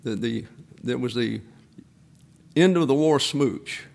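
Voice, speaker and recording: A man's voice: mid-range voice, takes it slowly, vocal fry, darkish tone. A man in his eighties preaching a sermon, a pastor who drifts into folksy personal stories with frequent restarts. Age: 80s.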